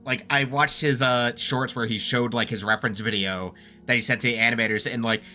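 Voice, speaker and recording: A man's voice: medium pitch, steady tone, brisk, sharp tone, faint music behind. A young man giving rambling, casual commentary as he ranks songs, full of filler words and the odd swear. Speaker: YouTuber ranking songs.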